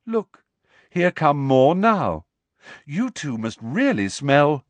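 A man voicing a dreamy, serene teenage girl in an audiobook, calm and matter-of-fact. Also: a little high, takes it slowly, dry recording, highs cut off, pitched above the performer's own voice. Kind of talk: audiobook reading.

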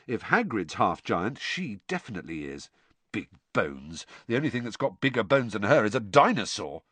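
A man's voice: lowish voice, sing-song, normal speed, fairly bright tone, husky, no room sound, full character voice. A man voicing an awkward, blustering teenage boy who fumbles for words. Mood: fumbling chatty. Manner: fumbling, blustering, hesitant restarts.

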